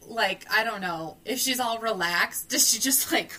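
A woman's voice: on the high side, unhurried, bright, forceful tone. A woman co-hosting a podcast, chatting casually about a film, giggling between sentences and using many "like"s. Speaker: podcast co-host.

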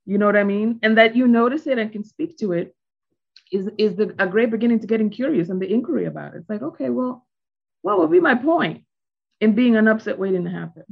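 A woman's voice: on the high side, expressive, quick pace, gravelly. A woman hosting a group coaching call over video, encouraging and calling on participants in turn. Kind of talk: casual group chat. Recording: dull lo-fi call audio.

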